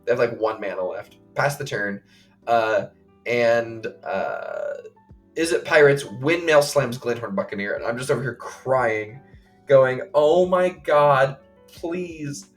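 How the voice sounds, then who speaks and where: A man co-hosting a podcast, recounting a game play by play in casual chat, full of fillers and quick acted quotes. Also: medium pitch, faint music behind. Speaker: podcast co-host.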